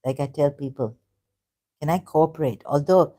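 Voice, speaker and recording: A woman vlogging about religion to camera, hesitant and halting with many restarts, earnest and openly frustrated. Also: low voice, mellow. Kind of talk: unscripted talk to camera.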